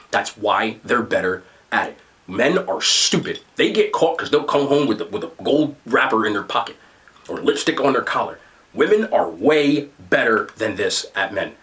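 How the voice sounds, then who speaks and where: A young man with a New Jersey accent, telling stories in casual chat as a podcast host. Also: moderate pace. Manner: animated storyteller, excited jumps in pitch.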